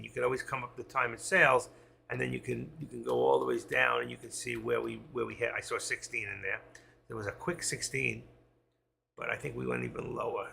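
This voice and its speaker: Man, gravelly voice, bright tone, live trading commentary, thinking aloud. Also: medium pitch, slight background noise. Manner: thinking aloud, reading out prices. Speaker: stock trading streamer.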